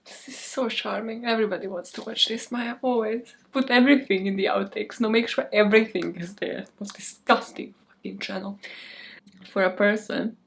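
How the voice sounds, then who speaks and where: A woman's voice: mid-range voice, steady tone, normal speed, vocal fry. A young woman in casual outtake chatter to the camera, profane, giggly and self-mocking, on a desk microphone at home. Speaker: true crime YouTuber.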